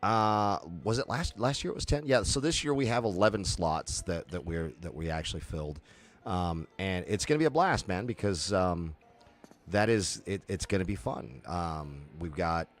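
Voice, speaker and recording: A man's voice: low-pitched, moderate pace, soft background music. A man co-hosting a podcast, chatting casually and playfully about a festival, often laughing. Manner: laughing, animated, playful banter. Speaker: podcast co-host. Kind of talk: casual chat.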